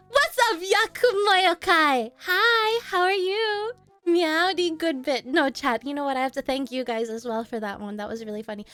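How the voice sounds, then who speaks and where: A young woman streaming live, chatting with her viewers in a playful, teasing way and laughing often. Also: high-pitched. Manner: teasing banter with chat. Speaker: streamer reacting to chat. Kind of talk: casual live-stream chat.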